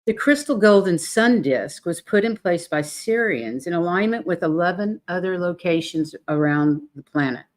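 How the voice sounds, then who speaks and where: An older woman reading a text aloud in a steady, measured way, with the odd restart. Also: on the low side.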